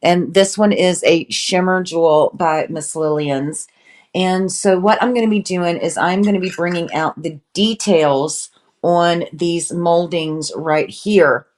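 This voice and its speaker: A woman's voice: lowish voice, slow, a little mellow. A woman hosting a casual live painting demonstration, chatting and greeting viewers by name. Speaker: furniture painting livestream host.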